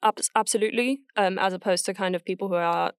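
Woman with a smooth voice. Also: medium pitch, quick pace, no room sound, clean studio sound. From Germany. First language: German. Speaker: guest, actor. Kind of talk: casual chat.

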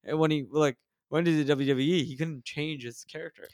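A man from Canada, a comedian guest on a podcast, rambling excitedly and swearing often. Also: on the high side, fairly quick, no room sound, clean studio sound. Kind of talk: casual chat.

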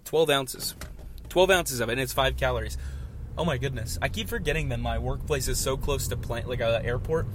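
A man in his twenties talking a rambling solo podcast from his phone while driving, easygoing and chatty, then bursting into loud rants. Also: medium pitch, a little fast. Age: 20s. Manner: chatty, flips into loud ranting. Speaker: podcast host. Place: inside a moving car. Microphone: phone mounted in the car. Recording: car noise in the background. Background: road and engine noise.

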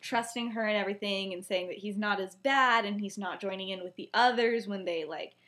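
Woman podcaster, casual retelling, filler-heavy, medium pitch, animated in spots. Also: brisk. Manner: chatty, filler-heavy, rising to animated excitement. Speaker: podcast co-host.

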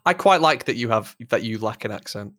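A young man with a rough Lancashire accent, chatting casually as a podcast co-host, sweary and self-deprecating. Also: medium pitch, expressive, brisk, pushed and bright, no echo, studio quality. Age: young adult. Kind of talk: casual chat.

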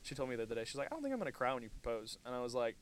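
A man's voice: medium pitch, rapid-fire. A young man co-hosting a podcast in casual chat, playfully acting out the quotes in his stories. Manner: playful, acts out quotes in a lively voice. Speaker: podcast co-host.

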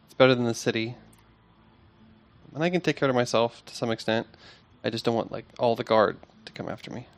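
A man voicing a guarded young woman in a tabletop game, talking in a halting, hesitant way. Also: medium pitch, gravelly, lightly acted. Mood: earnest. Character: young woman traveler, guarded but steady.

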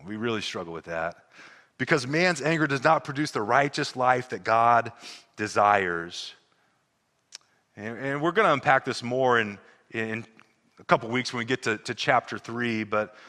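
A man preaching a sermon as pastor, earnest, often repeating words and dropping to a soft, intimate tone. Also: mid-range voice, normal speed. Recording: long hall reverb.

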